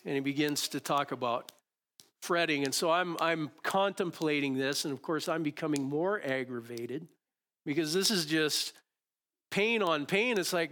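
A middle-aged male pastor preaching a sermon, acting out his prayers and his dialogue with God in lively, animated bursts. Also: fairly high pitch, normal speed.

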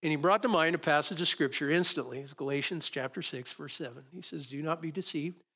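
Guy preaching in church, kinda high voice, talks casual, lots of restarts, bossing volunteers around up front. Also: creaky, bright, forceful tone, slightly rough. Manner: conversational, halting restarts, coaches volunteers on stage. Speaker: pastor. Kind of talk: sermon with live stage demonstration. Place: church stage before a congregation.

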